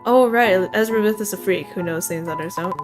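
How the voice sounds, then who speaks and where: A woman's voice: medium pitch, a little fast, over music, lightly acted. A woman voicing a smug, mocking sister in a visual novel, sly and taunting.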